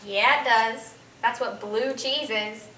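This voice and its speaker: A woman plays a dry, suspicious guest who asks probing questions. Her voice is fairly high and bright, recorded from a distance in an echoey room. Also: slow pace.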